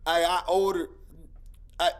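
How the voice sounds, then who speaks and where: A man putting on a loud, fussy drive-thru customer. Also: high-pitched, little pitch movement, unhurried, clean tone, pitched above the performer's own voice. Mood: indignant. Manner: loud, fussy, stammering complaints.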